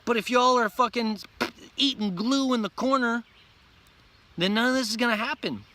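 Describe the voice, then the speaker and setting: A man's voice: very high voice, moderate pace, pushed and bright, a little hiss or hum. A man delivering an intense, profane, repetitive ranting vlog monologue, preaching at his viewers. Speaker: vlogger.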